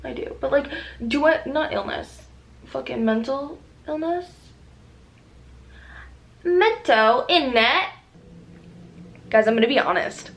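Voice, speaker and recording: A young woman rambling casually in a makeup vlog, profane and excitable with lots of fillers, recorded on a camera mic at home. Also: high voice, moderate pace, creaky. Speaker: beauty vlogger.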